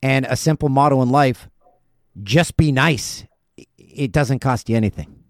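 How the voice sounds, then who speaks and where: Man, podcast host, jokey and animated, dry close sound. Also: medium pitch, normal speed, no room sound. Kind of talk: casual podcast chat.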